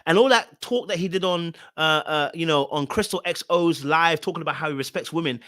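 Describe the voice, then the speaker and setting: A man in a slightly high register gives reaction commentary on a reality show. He is blunt and emphatic and repeats his points over and over. His voice sounds close and dry, with no room around it. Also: fairly quick, a bit bright, dry recording. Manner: emphatic, blunt and repetitive, hammering points home.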